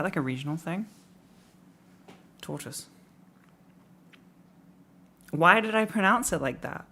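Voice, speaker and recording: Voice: mid-range voice, a bit bright, slight background noise. A young adult live streamer from the Midlands, England, with an English accent, chatting casually on stream in a rambling, self-mocking way and laughing often. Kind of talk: casual live-stream chat reacting to tips.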